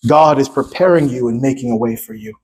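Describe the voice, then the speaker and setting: A man in his thirties delivers a sermon with a husky, slightly breathy voice at a middle pitch. He moves between hushed storytelling and shouted exhortation. He acts out the dialogue of his stories as he preaches. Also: sing-song, a little fast, low-quality recording. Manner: impassioned preaching that swings between quiet and shouting. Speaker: pastor.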